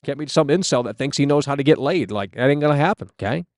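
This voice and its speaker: A man's voice: medium pitch, expressive, fast, a little mellow, dry recording, clean studio sound. Ranting man streaming live outdoors. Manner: ranting, profane, reading chat aloud. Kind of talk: casual live stream chat.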